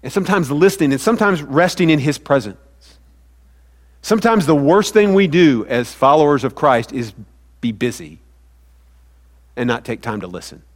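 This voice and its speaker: Pastor, male, high voice, conversational sermon delivery that asks the room questions, church reverb. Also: lively intonation, moderate pace, long pauses. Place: church sanctuary. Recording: hall reverb.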